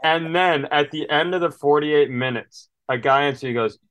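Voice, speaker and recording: A man's voice: a little high, moderate pace, a bit bright, no echo. A man with a slight Southern drawl co-hosting a casual podcast, telling stories and acting out phone calls with exasperated, swearing rants. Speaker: podcast co-host. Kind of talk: casual chat.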